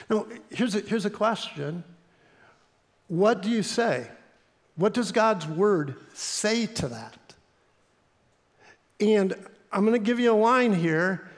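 A man preaching a sermon as pastor, telling stories earnestly and repeating key lines for emphasis. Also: sits high. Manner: earnest storytelling with emphatic repetition. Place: church sanctuary. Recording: long church reverb.

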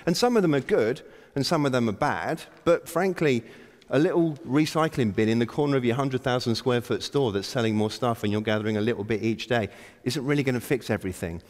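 Delivering a conference opening address on a large hall stage, a male keynote speaker is wry and self-deprecating as he urges the audience on. His mid-range voice is a little fast and a little mellow, echoing with the big hall's long reverb.

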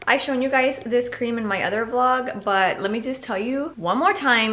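A woman vlogger chatting casually and excitedly to her viewers. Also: fairly high pitch, moderate pace, hardly any pauses. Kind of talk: casual vlog chat to camera.

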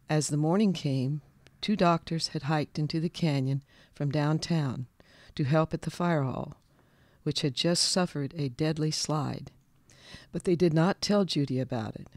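A man's voice: fairly high pitch, no echo. Man narrating a local story, dry close sound. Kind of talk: scripted narration.

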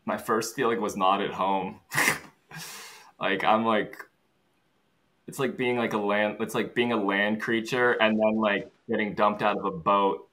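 Male guest, chatty and quick, tumbling through his thoughts, lower pitch. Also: fairly even intonation, bright, forceful tone. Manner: fast, rambling, self-aware talker. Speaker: interview guest. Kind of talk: casual conversation.

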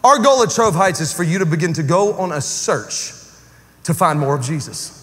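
A man preaching a lively sermon to a church congregation, joking and conversational with casual slang. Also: a little high, moderate pace, big-room sound. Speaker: pastor. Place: church sanctuary with live congregation.

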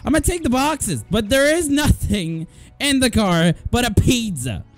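A young man calls out a horror game as he plays it, loud and joking, with swearing and frequent laughter. His high voice jumps all over the place, and faint game music runs underneath. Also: very animated, moderate pace. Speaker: gaming video host. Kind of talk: let's play commentary.

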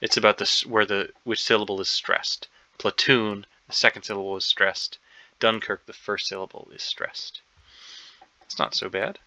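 On a dull lo-fi recording with no echo, a man works through a crossword out loud, full of ums and second guesses. His fairly low voice is pushed and bright with little pitch movement, at normal speed, and he sounds hesitant and unsure of himself.

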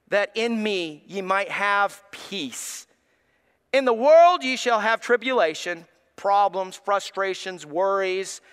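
A man, preaching a sermon as pastor, swinging from hushed tones to shouts. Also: sits high, clear, resonant tone.

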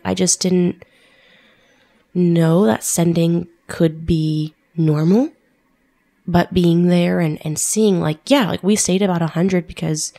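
A woman's voice: fairly low pitch, vocal fry, warm tone. A woman, a missionary guest in an interview, speaking in a reflective, hesitant way. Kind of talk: conversational interview.

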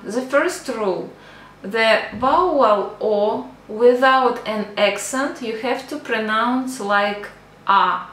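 A woman teaching a language lesson, speaking deliberately, repeating each word and pausing with fillers. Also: on the high side, fairly bright tone, slight background noise. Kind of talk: slow spoken lesson. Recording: echoey room with faint ambience.

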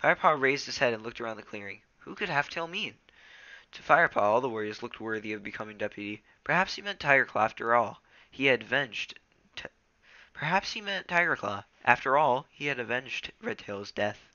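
Teenage boy, reading a novel aloud, very bright voice, dull lo-fi sound. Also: medium pitch, animated, a little fast, no room sound. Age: teens. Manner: casual, stumbling reading with self-corrections. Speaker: reader.

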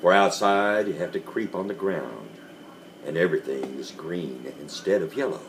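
A man giving a dramatic reading of a classic story, slow and deliberate with dramatic pauses. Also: low-pitched, expressive, noisy background. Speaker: reader.

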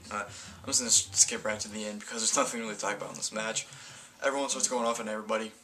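A man's voice: lowish voice, fairly even intonation, racing, pushed and bright, faint music behind. A man casually reviewing a wrestling event in a video, rambling and often correcting himself mid-sentence. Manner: rambling, stumbling, self-correcting.

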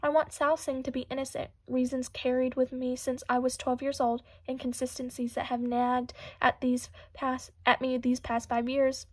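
A woman reading an audiobook in a steady, even narrating manner. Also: high voice, normal speed, few pauses, no echo. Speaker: audiobook reader.

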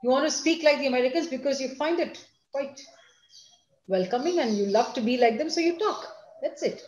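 A woman's voice: high voice, brisk, a little mellow. A middle-aged woman with an Indian English accent, a school principal answering questions in an online seminar, stressing points by repeating them. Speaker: school principal giving a talk. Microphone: video call. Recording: echoey, dull video-call audio.

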